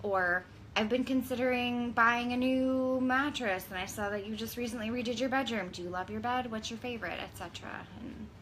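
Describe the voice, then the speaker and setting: A woman's voice: a little high, a little fast, fairly bright tone, a little hiss or hum. A woman co-hosting a casual live stream, chatting freely, reading out viewer comments and joking apologies. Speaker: direct sales consultant.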